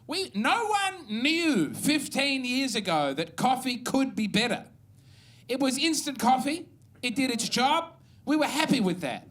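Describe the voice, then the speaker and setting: A wry Australian man doing stand-up on a club stage, his voice sitting notably high for a man. He wanders through his bits in a meandering, self-mocking way, speaking into a handheld stage mic. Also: very animated, normal speed, fairly bright tone. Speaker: stand-up comedian. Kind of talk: stand-up set.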